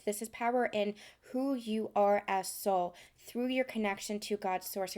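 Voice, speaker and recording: A woman speaking as a spiritual channeler, explaining her session in soft, flowing, repetitive phrases with frequent ums. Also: medium pitch. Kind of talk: spoken explanation after channeling.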